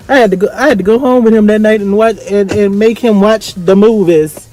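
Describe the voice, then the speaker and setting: A young man with speech giving an effusive, dramatic casual vlog review, swinging from excited highs to quiet asides. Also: fast, hardly any pauses. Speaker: vlogger reviewing a film. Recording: faint music behind.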